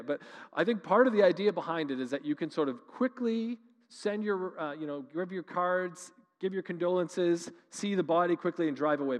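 A male pastor from Canada preaching a sermon with passion, moving between loud emphatic lines and quiet, slow ones. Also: on the high side. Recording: long reverb of a large hall.

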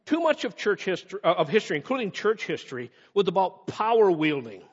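A man preaching in a high, lively voice, slowing down to stress key phrases and then rushing through quick asides. His voice is a bit husky, and the muffled recording rings with the long reverb of a large hall. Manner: animated, shifts to emphatic slow phrases and quick asides. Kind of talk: sermon.

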